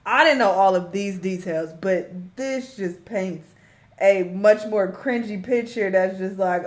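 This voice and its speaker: A woman's voice: mid-range voice, normal speed, roomy sound. A woman hosting a reaction video, giving blunt, exasperated casual commentary. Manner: exasperated, blunt, laughs often.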